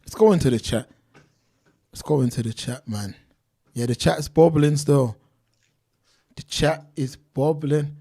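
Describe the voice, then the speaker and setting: Stream host, man, slightly high voice, reads chat aloud in loose slang. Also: measured pace, pauses often, mellow, breathy edge. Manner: reads out viewer names and comments, street slang. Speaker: livestream host reading chat. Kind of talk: casual livestream chat.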